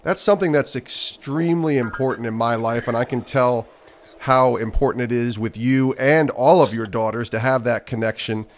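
A man's voice: medium pitch, normal speed, a little hiss or hum. A man hosting a podcast, responding to his guest in an affirming, appreciative way. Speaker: podcast host. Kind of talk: casual interview chat.

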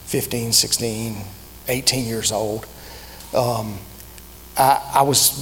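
A man, preaching a sermon in a personal, conversational way that is full of pauses and restarts. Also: mid-range voice, fairly bright tone. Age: 50s. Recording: reverberant hall with faint hum.

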